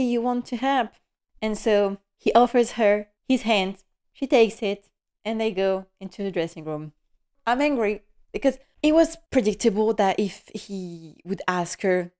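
Woman giving an emotional, animated recap. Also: medium pitch. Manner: animated and emotional, with nervous laughter. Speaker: podcast host. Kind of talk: casual episode recap.

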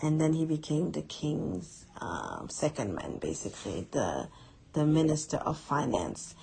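A woman's voice: low voice, wildly swooping pitch, unhurried, vocal fry, dark tone, a little hiss or hum, poor audio. A woman giving a conversational Quran reflection lesson, earnest and chatty, repeating words for emphasis. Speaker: Quran teacher.

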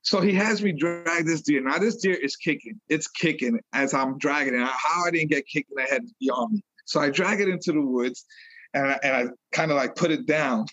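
Husky animated storyteller man. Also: fairly high pitch, normal speed, no room sound, highs cut off. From New York. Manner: animated storyteller, laughs often, repeats phrases. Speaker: guest, retired police detective sergeant. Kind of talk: casual storytelling interview.

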